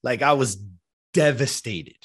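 A man's voice: medium pitch, a little slow, fairly bright tone. A man in his fifties from the United States tells a heartfelt personal story as a podcast guest. He talks casually, leans on "like" and "you know", and swears now and then. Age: 50s.

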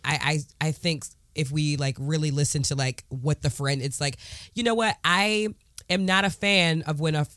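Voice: medium pitch, moderate pace, a bit bright, no echo, clean studio sound. A podcast co-host chatting casually, laughing often and acting out quotes. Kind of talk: casual advice chat.

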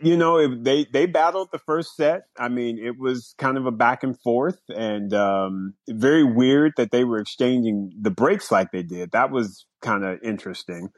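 A man's voice: mid-range voice, no echo. Male podcast co-host, casual and giggly, dry booth sound. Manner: laughs often, repeats words, drawling storyteller. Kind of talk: casual sports chat.

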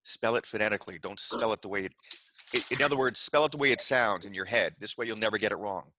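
A middle-aged man co-hosting a casual chat show, blunt and teasing, quick to correct others. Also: lowish voice, noisy background. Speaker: podcast co-host.

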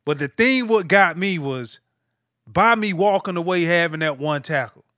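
A man in his thirties hosting a casual chat, a former linebacker who tells animated stories and acts out his teammates. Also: fairly high pitch, moderate pace, no echo, clean studio sound. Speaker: podcast host, former linebacker.

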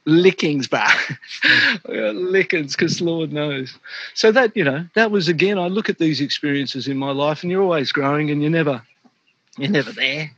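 Husky Australian man telling stories. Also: on the high side, expressive, normal speed, fairly bright tone, no echo, lo-fi sound. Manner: laughs often, says "mate" a lot. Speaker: interview guest, former pro surfer. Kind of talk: casual storytelling.

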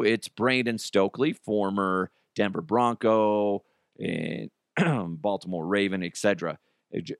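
A man's voice: lowish voice, no room sound, studio quality. A man hosting a podcast, giving casual, opinionated commentary with joking asides while trying not to lose his voice. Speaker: podcast host.

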